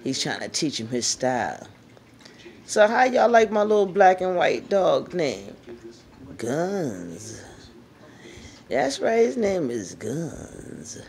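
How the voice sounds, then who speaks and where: A chatty woman narrates a home video of her dogs, laughing and cooing at them. Her voice is low and swings widely in pitch, and she talks unhurriedly. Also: darkish tone. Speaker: dog owner filming her pets. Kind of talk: casual home video commentary.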